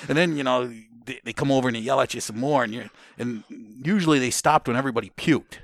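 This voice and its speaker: A middle-aged man telling stories about his Army days in a casual interview, cursing freely and shouting out the drill sergeants' orders. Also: medium pitch, very fast, few pauses, dry recording, clean studio sound. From Ohio, United States. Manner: profane, animated storytelling, shouts out drill sergeant lines.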